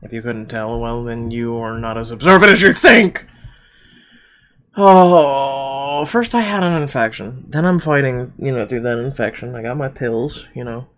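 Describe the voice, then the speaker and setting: A man's voice: mid-range voice, expressive, a little slow, a bit bright. Congested man with a frog in his throat. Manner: keeps clearing his throat, rambling with fillers. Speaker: YouTuber reading a story game. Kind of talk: casual chat to viewers.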